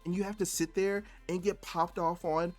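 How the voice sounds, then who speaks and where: A man's voice: sits high, level tone, normal speed, faint music behind. A man streaming and commenting on gameplay in a rambling, exasperated way, full of filler words.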